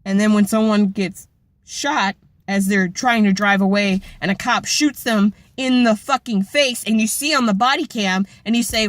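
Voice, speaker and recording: A woman's voice: mid-range voice, normal speed. An impassioned young woman vlogging at home, talking straight to her camera with blunt, profanity-laden intensity. The sound is dry and close, with no room echo. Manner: impassioned, blunt, heavy swearing. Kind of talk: emotional personal vlog rant.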